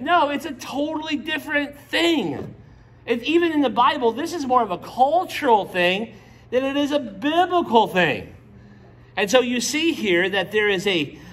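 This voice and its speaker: A man's voice: high voice, a bit bright, slight background noise. A pastor teaching a casual Bible study, joking with his listeners and acting out the characters' lines. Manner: playful, jokes with the audience and acts out characters' lines.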